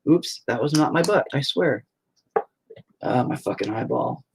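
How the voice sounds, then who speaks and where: A man's voice: mid-range voice, expressive, a little slow, creaky, a little hiss or hum. A man chatting casually on a phone livestream from home, rambling and swearing freely as he tells stories. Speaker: livestreaming painter.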